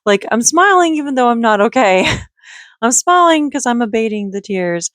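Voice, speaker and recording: A woman's voice: fairly high pitch, sing-song, normal speed, fairly bright tone, no echo, studio quality. A woman vlogging to camera, rambling with restarts and nervous laughs, audibly exhausted after a hard day. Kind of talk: emotional personal vlog talk.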